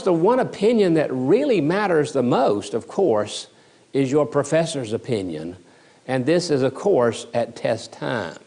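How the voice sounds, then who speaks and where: A man's voice: medium pitch, a little mellow. A man giving a recorded theology lecture as a seminary teacher, emphatic and repeating key words for stress.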